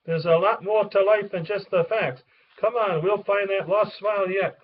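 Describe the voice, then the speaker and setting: A man's voice: high voice, fairly even intonation, moderate pace, natural voice. A man reading the part of a wise, kindly old man, speaking steadily and reassuringly. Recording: distant, dull lo-fi recording.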